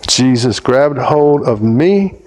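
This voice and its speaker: A man from America preaching as an earnest storyteller, stretching key words and pausing for emphasis. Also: medium pitch, animated, a little mellow, low-quality recording. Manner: earnest, emphatic storyteller with slowed dramatic pauses. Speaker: speaker at a theology conference. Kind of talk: storytelling sermon.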